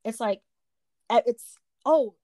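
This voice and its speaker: Young woman, somewhat high voice, hesitant and searching, dry recording. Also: slow pace, mellow, no room sound. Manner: searching, hesitant, full of restarts. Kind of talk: casual chat.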